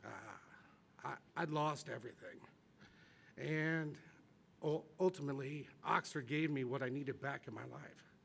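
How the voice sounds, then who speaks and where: Earnest man, halting podium speech. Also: fairly high pitch, steady tone, gravelly, fairly bright tone, a little hiss or hum. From Missouri, USA. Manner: earnest, halting with repeated restarts. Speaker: campaign speaker. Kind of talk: short campaign speech at a convention. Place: large convention hall.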